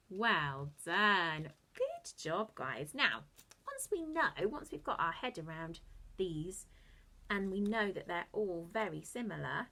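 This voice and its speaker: A woman teaching young children their phonics, with an unhurried, lilting delivery. Her pitch swoops up and down lively as she praises and coaxes. Now and then she drops to a soft, secretive aside. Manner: slow, sing-song and encouraging, with sudden soft asides. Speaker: early-years teacher.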